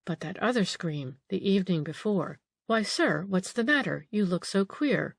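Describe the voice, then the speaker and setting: A woman's voice: medium pitch, animated, moderate pace, vocal fry, no room sound. A woman reading an audiobook, voicing an old female housekeeper who grumbles, frets and takes offence easily. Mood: fretful.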